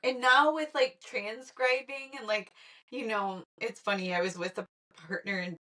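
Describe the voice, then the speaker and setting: A woman guest in a casual conversation, lively and laughing often, trailing off mid-sentence. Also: mid-range voice, normal speed.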